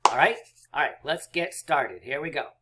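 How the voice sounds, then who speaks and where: Bright-voiced, upbeat teacher man. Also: a little high, animated, moderate pace, slight background noise. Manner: encouraging, playful, counts aloud. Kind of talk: math lesson for young children.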